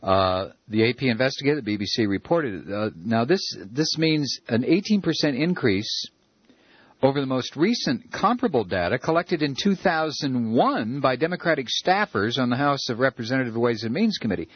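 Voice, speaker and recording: Husky, animated talk radio man. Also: medium pitch, moderate pace, no echo, muffled recording. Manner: ranting, sarcastic, rambling with many fillers. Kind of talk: opinionated talk radio monologue.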